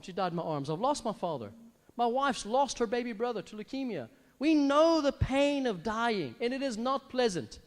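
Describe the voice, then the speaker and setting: A middle-aged man preaching a sermon as pastor, animated and breaking into big exaggerated laughs. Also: extremely high pitch. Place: church hall. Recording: long church hall reverb.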